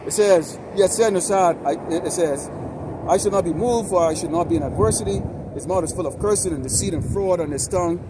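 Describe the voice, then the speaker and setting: A street preacher, his voice high-pitched, delivers a fiery, profane sermon directly to the camera at a fairly quick clip, ranting rather than speaking calmly. The outdoor recording clearly picks up steady traffic from the surrounding road.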